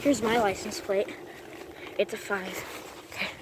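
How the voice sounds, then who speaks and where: A woman's voice: medium pitch, steady tone, measured pace. A woman chatting casually to her phone camera while riding a dirt bike outdoors, rambling and talking to herself. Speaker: vlogger. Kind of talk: casual vlog narration. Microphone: phone held in hand. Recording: loud engine and road noise. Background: motor engine noise.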